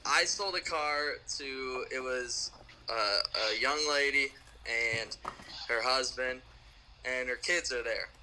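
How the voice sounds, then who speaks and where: A man's voice: mid-range voice, takes it slowly, sharp tone, a little hiss or hum, low-quality recording. A man, a podcast guest who sells cars, telling a rambling story in a laid-back, chuckling way. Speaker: podcast guest, car salesman. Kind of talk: casual storytelling.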